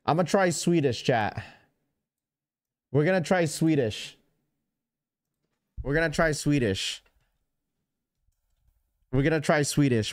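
A man's voice: on the high side, slow, pauses often, dry recording, clean studio sound, faint music behind. A man hosting a live stream, talking casually and rambling to his chat. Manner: rambling, chatty, talks straight to chat. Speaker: livestream host.

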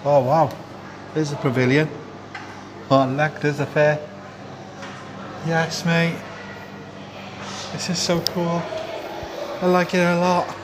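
A man chatting excitedly in a casual travel vlog, full of slang, first from a car and then inside a hotel. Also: on the high side, slow pace, pauses often, background noise. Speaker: vlogger.

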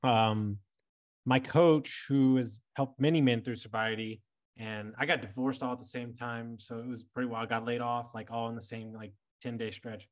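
A man in his thirties hosting a podcast, speaking in a casual, blunt way. He swears without a second thought and doubles up on words when he gets going. His voice sits at an ordinary middle pitch. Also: fairly even intonation, moderate pace. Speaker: podcast host.

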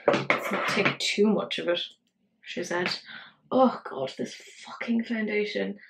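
A woman's voice: mid-range voice, takes it slowly, gravelly, fairly bright tone, a little hiss or hum, poor audio. Chatty woman in her thirties, swearing. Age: 30s. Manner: chatty, swears freely, talks to herself while working. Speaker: beauty vlogger. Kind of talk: casual makeup tutorial chat.

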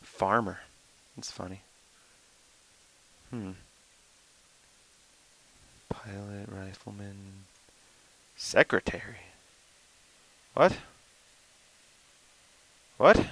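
A young man giving casual gameplay commentary, goofy and swearing, who often jumps into high excited yelling. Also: extremely slow, creaky, pauses often, low-quality recording. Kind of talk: casual let's-play commentary.

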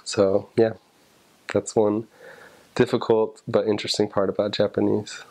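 A young man talks through language tips in a relaxed, thinking-aloud way. His voice sits low and stays fairly flat and even. He pauses for fillers and builds up examples one piece at a time. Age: young adult. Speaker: returned missionary explaining Japanese. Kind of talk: casual explanation to camera.

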